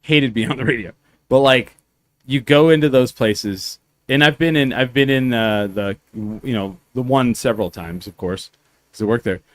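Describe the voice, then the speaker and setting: A man's voice: medium pitch, normal speed, dry recording. A man co-hosting a podcast, telling rambling anecdotes in casual chat and swearing freely. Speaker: podcast co-host.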